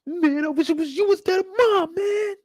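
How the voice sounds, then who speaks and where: A crying teen boy screaming at his dad, super high squeaky voice, cussing, dry sound. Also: normal speed, no room sound. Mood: crying rage. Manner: shrill, sobbing, cursing. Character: furious grieving teenage boy.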